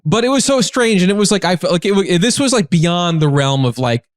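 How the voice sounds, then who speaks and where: Rambling man, slightly high voice, dry sound. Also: fairly quick, dry recording. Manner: rambling and animated, heavy on filler words. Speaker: guest comedian. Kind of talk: casual podcast storytelling. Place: living in a big city.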